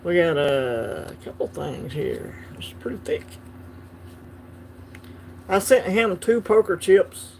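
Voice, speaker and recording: A man's voice: sits high, big pitch swings, slow, creaky, long pauses, a little hiss or hum. Laid-back man unboxing. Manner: laid-back, chatty, laughs easily. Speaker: coin collecting channel host. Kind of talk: casual unboxing livestream.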